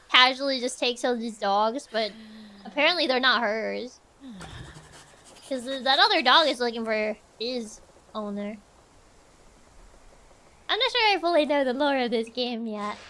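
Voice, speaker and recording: A woman's voice: high voice, sharp tone. A woman streamer giving casual let's-play commentary, chatty and thinking aloud.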